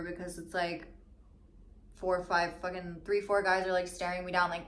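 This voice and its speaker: A woman in her twenties ranting casually in a storytime vlog, full of "like" and swearing, mimicking other people in quick asides. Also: mid-range voice, fairly even intonation. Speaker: vlogger. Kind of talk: mukbang storytime rant. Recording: slightly echoey room with faint ambience.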